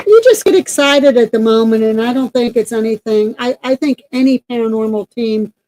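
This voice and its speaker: A woman's voice: a little high, moderate pace, warm tone, poor audio. A woman co-hosting a paranormal team's channel, chatting casually and rambling with many fillers as she shares team news and event plans. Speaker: paranormal team member and co-host. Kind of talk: casual announcement chat.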